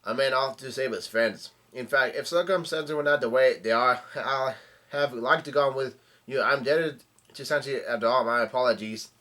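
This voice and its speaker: A man reading the lines of a solemn older samurai from a comic, in a formal, measured way. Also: mid-range voice, sharp tone, lightly acted.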